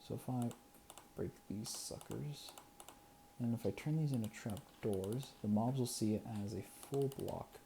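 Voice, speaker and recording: Gravelly, lively gameplay mutterer. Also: medium pitch, noisy background. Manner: muttering and counting to self, chuckling, sometimes whispering. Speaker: gameplay video creator. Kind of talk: casual gameplay commentary.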